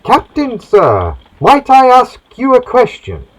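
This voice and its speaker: An earnest, wide-eyed young cabin boy, put on by a man in a jokey sea tale. The voice leaps up high and swings around with animated, husky eagerness. The recording is dull and lo-fi. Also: slow, full character voice. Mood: eager, deferential.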